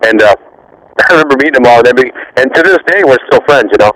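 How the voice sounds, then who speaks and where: A man in his fifties, a former rock bassist, rambling through profane backstage stories and laughing often. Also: expressive, fast talker, fairly bright tone, rough recording. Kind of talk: casual interview storytelling.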